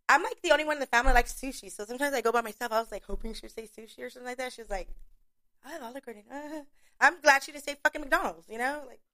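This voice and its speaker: A woman's voice: fairly high pitch, bright, forceful tone, clear, resonant tone. Blunt, profane woman in casual chat. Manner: blunt, profane, laughing often.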